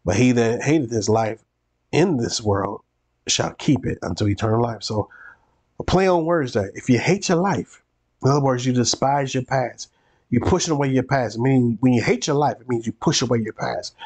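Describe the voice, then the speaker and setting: A man's voice: medium pitch, moderate pace, darkish tone. A male pastor teaching a Bible study, preacherly and repeating phrases for emphasis.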